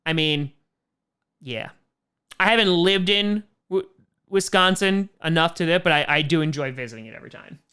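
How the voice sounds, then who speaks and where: Bright-voiced joking man answering fan questions. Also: a little high. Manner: reads fan questions aloud and answers with quick jokes; loose and self-mocking, with trailing laughs. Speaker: comedian hosting a fan Q&A stream. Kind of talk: casual livestream Q&A.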